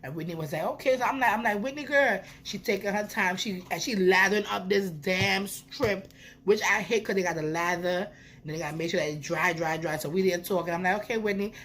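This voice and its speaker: Animated young woman telling a story. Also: fairly low pitch, fairly quick, slight background noise. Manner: animated, swearing, playful. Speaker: vlogger. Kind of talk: casual storytime.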